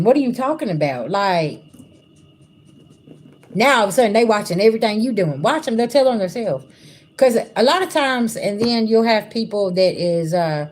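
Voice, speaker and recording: Talking bluntly and casually to viewers, a woman gives a tarot-style spiritual reading over livestream. She has a medium-pitched, darkish voice.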